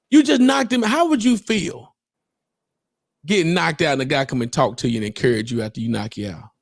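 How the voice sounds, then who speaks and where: A podcast co-host with a slightly high voice, chatting casually and slipping into impressions of people. The sound is dry and close to the mic. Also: male voice, quick pace, dry recording. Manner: animated, mimics people and laughs often. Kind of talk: casual chat.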